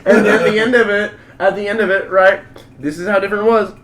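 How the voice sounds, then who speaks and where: A man hosting a podcast, telling a story in casual chat, profane, rambling and excitable. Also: high voice, fast talker. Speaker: podcast host.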